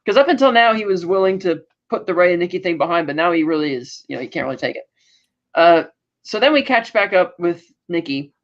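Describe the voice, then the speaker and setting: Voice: mid-range voice, a bit bright, muffled recording. A podcast co-host casually recapping a TV episode, rambling with restarts and acting out quoted lines.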